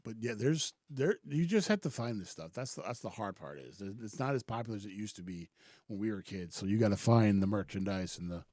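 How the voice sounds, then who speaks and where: A man's voice: on the low side, lively intonation, a little fast, a little mellow, no echo, clean studio sound. A man co-hosting a casual podcast, laid back, swearing and laughing often. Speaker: podcast co-host.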